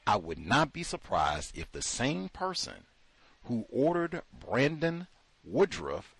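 A man's voice: medium pitch, huge pitch swings, slow pace, vocal fry, fairly bright tone, slightly rough, no room sound. A man hosting a talk show, delivering sarcastic, incredulous commentary full of rhetorical questions. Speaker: host.

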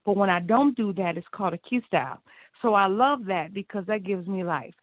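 A woman's voice: medium pitch, a little fast, no room sound. A woman from Illinois calling in by phone, performing a freestyle spoken word poem on a call-in show in a rhythmic, emphatic, profane way. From Illinois, USA. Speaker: caller and spoken word poet. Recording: muffled phone line.

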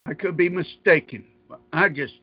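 A man's voice: on the high side, normal speed, husky. A man ranting angrily and profanely about politics as a podcast co-host, repeating himself as he goes. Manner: angry, profane, repetitive. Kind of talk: heated political rant. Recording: dull, dry lo-fi sound.

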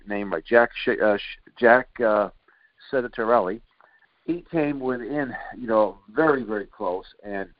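A man's voice: lowish voice, no room sound, lo-fi sound. A male radio host giving an indignant political monologue, rambling with many fillers and restarts.

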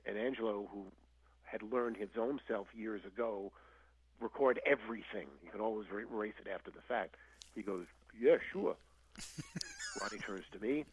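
Animated older man telling studio stories. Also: fairly low pitch, breathy edge. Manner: animated storyteller, acts out quotes, frequent restarts. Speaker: guest musician. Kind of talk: casual storytelling interview. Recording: dull lo-fi audio.

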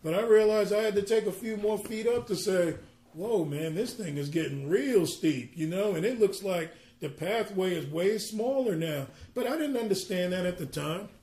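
A man ministering a sermon, reading scripture slowly and then explaining it in an earnest, conversational way with personal asides. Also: high voice, a little mellow. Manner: reads scripture slowly in King James wording.

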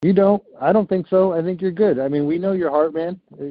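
A man's voice: high voice, brisk, no room sound. Reassuring man on a tinny call. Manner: reassuring, rambling with fillers. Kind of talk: casual group call. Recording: tinny phone-like call audio.

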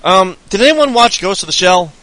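A man's voice: high-pitched, animated, normal speed, bright, forceful tone, no room sound, rough recording. A man co-hosting a podcast, ranting heatedly and swearing nonstop in casual talk. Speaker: podcast co-host.

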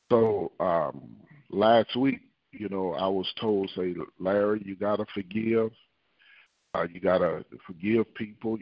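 A man prays and preaches in a low, fervent voice, repeating his phrases. The sound is dry and muffled, like a call-in line. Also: no room sound. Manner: fervent, repetitive prayer with tongues. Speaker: prophet and preacher. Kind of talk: prayer and sermon on a phone line.

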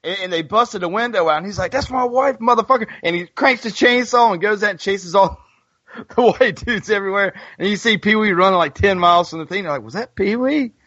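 A man's voice: high voice, a little fast, sharp tone, no room sound. A man co-hosting a podcast in casual chat, rambling, restarting sentences, full of "you know". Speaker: podcast co-host. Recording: dull lo-fi podcast audio.

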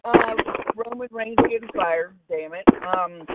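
This wrestling call-in features a woman with a mid-range voice taking her time, heavy background noise behind her on a tinny line, her phone held far from her mouth. Her casual talk is blunt and opinionated, with plenty of cussing.

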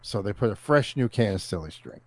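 A man co-hosting a podcast, telling a story in a relaxed, casual way. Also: lowish voice, brisk, dry recording. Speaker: podcast co-host. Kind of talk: casual chat.

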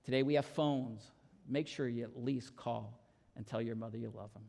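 A man's voice: medium pitch, fairly even intonation, normal speed, gravelly, a little mellow. A male pastor preaching an earnest sermon and telling stories to his congregation in a church. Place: church sanctuary. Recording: long reverb in church hall.

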